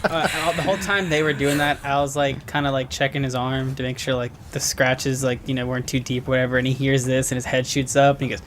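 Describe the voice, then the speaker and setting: A man's voice: medium pitch, little pitch movement, quick pace, hardly any pauses, a bit bright, slight background noise. A man playing in a tabletop game, chatting casually and rambling through jokes. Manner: joking, rambling. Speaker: player.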